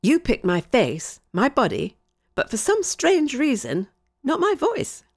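Woman reading a calm, wry scientist. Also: high voice, dry recording, pitched above the performer's own voice, full character voice. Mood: matter-of-fact. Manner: measured, dry, faintly teasing.

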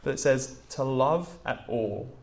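A young man from England preaches a relaxed sermon in a medium-pitched, slightly mellow voice, going a bit slow. Storytelling carries his talk, which is chatty and crowded with "like" and "um."

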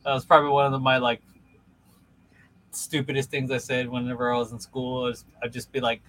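A young man in casual podcast chat, telling stories with animated energy. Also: medium pitch, brisk, slight background noise, rough recording. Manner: animated storytelling, loud put-on voices.

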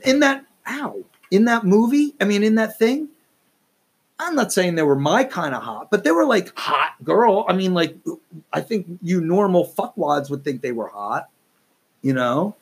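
Man, husky voice, swoopy pitch, profane exasperated rant, rambling podcast host. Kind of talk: solo ranting monologue.

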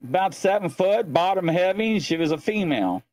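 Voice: mid-range voice, a little fast. A co-host telling stories in casual chat and acting out what others said. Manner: animated storyteller, acts out quotes.

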